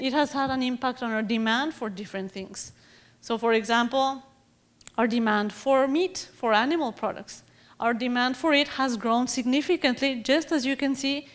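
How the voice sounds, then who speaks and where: A woman from Mexico with a Mexican accent giving a lecture in a chatty, animated way, often correcting herself mid-sentence. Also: fairly high pitch. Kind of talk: public lecture on food and environment.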